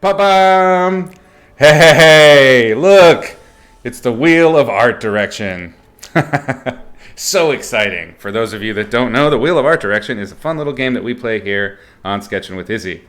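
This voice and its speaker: A man's voice: fairly low pitch, animated, normal speed, a bit bright. A man teaching art on a livestream in a casual, playful way, joking and swearing as he rambles. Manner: rambling, with fillers and restarts. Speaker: art instructor streaming.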